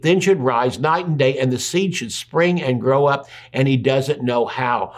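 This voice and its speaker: A man preaching a sermon, and his voice sits somewhat high for a man. He drives his points home with rhetorical questions and repetition. He breaks off now and then to read scripture aloud. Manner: reads scripture aloud in between.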